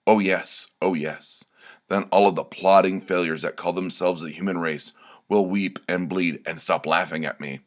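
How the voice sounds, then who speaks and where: A man playing a sneering mad-scientist villain in a spoken storybook, misanthropic and menacing, low and slow, spitting contempt at everyone around him. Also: steady tone, close to an everyday voice.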